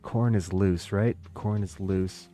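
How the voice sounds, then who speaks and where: A man's voice: low-pitched, fairly even intonation, slow pace, warm tone, soft background music. An American man chatting casually with his live chat while playing a strategy game, rambling and self-deprecating. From United States. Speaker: game streamer.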